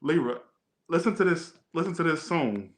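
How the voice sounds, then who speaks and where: A man's voice: a little high, lively intonation, moderate pace. Rambling, chatty man reading tarot. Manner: chatty, rambling, joking asides. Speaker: tarot reader. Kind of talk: casual tarot reading video.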